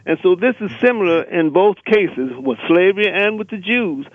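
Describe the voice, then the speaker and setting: A man's voice: high-pitched, lively intonation, moderate pace, no echo. A man calling in to a radio show, delivering a fiery, emphatic rant and repeating rallying lists. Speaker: caller. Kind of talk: impassioned radio call-in rant. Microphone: telephone. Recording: tinny phone line.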